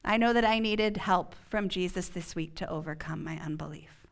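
A woman pastor preaching a sermon in church, earnest and emphatic, sometimes dropping to a hush. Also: on the low side. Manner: earnest, slow and emphatic, dropping to a hushed whisper at key points.

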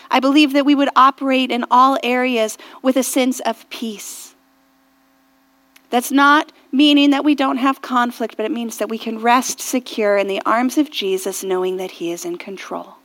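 Slow-speaking woman pastor preaching softly. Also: fairly high pitch. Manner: earnest and reflective, often dropping to a hushed near-whisper; rises to fervent intensity in prayer. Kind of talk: sermon.

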